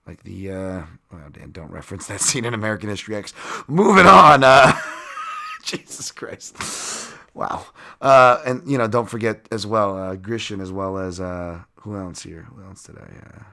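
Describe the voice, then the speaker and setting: Bright-voiced, rambling, self-mocking man. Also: low voice, moderate pace, gravelly. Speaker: podcast host. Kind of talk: casual sports-betting breakdown.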